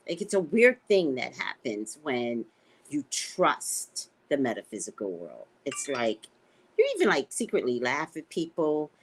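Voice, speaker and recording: Animated American woman, lively storyteller. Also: poor audio. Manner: animated storytelling with sharp pitch jumps, profane and playful. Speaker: psychic and livestream host. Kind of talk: casual livestream chat reading comments.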